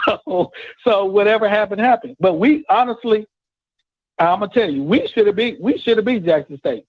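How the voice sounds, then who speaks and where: A man's voice: high voice, lively intonation, moderate pace. A man calling into a sports talk show, arguing casually and swearing freely. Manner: argumentative, casual and profane. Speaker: caller. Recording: dull dry phone line.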